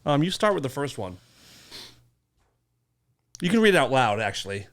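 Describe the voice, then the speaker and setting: A podcast co-host in loose, casual chat, teasing the others and swearing freely. The voice swings widely in pitch, with a deadpan edge to the jokes. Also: normal speed.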